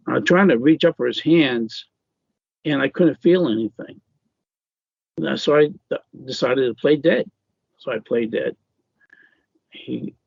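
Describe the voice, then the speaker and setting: A man being interviewed as an author, telling a personal ghost story in a halting way with many fillers and restarts. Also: medium pitch, vocal fry, a little mellow, breathy edge, no room sound, dull audio.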